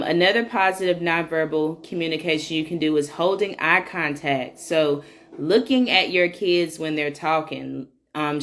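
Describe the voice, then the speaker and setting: A woman's voice: low voice, fairly bright tone. A woman in her thirties hosting a casual solo parenting podcast, chatty and candid with frequent fillers. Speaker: podcast host.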